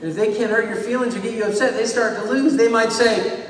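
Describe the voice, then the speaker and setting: A man giving an animated motivational talk to students at a school assembly, leading the crowd in call-and-response chants, speaking into a small microphone on a stand. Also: sits high, fast, noisy background. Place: large school hall or gym. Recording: echoey hall, voice from far off.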